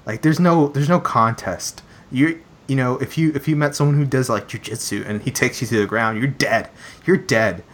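A man's voice: medium pitch, moderate pace, a bit bright. A young man in casual chat, rambling with many fillers and repeated phrases.

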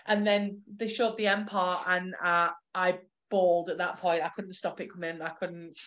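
A woman co-hosting a casual film podcast, chatting in an animated way with frequent restarts. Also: lowish voice, moderate pace, hardly any pauses. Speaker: podcast co-host. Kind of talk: casual chat.

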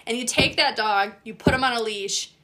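Woman host, dog trainer, bright and animated, casual and profane. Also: a little high, moderate pace. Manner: animated, swears freely, acts out dog voices. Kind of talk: casual chat.

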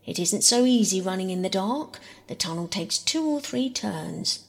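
A woman's voice: medium pitch, lively intonation, normal speed, vocal fry, in a large hall. A woman voicing a blunt, knowing railway foreman in a storybook reading.

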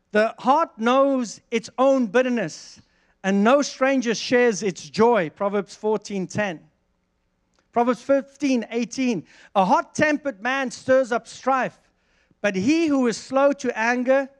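A man preaching a sermon, reading verses and telling a lively personal story with frequent restarts. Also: sits high. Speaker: pastor.

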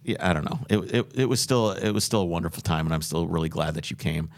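A man's voice: deep voice, fast, creaky. A man on a podcast telling a long road trip story, rambling and earnest with many restarts. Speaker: podcast host. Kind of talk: casual podcast chat.

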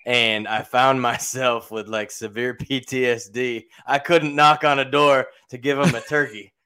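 A man co-hosting a podcast, chatting in a relaxed, self-deprecating way. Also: mid-range voice, unhurried, smooth. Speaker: podcast host. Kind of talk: casual chat.

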